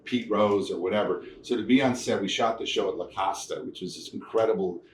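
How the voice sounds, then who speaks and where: A man telling stories from his career in a casual interview, animated, laughing often and acting out the people he quotes. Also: on the low side, a little fast. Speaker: guest, TV producer. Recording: echoey room, mic at a distance, faint noise.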